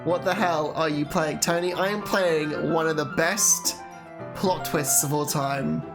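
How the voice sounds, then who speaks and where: Woman gaming streamer, loud and crude, game music clear behind. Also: low-pitched, fairly even intonation, unhurried. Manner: loud laughing outbursts, crude jokes. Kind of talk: casual gaming stream commentary.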